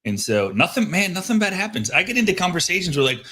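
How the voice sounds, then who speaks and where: A man hosting a live show, coaching listeners on sales outreach and telling lively stories of his phone calls. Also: a little high, fast. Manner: animated storyteller acting out phone calls. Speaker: host. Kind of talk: casual coaching talk. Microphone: headset microphone.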